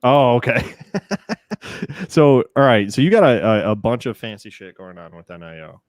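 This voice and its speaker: A man's voice: fairly low pitch, normal speed, no room sound, studio quality. A young man hosting a casual stock-market livestream, joking and laughing often. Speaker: show host.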